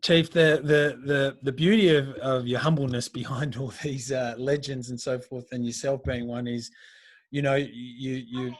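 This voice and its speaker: A man hosting a podcast, asking long, halting questions in a casual interview. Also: mid-range voice, fairly even intonation, no room sound. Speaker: podcast host.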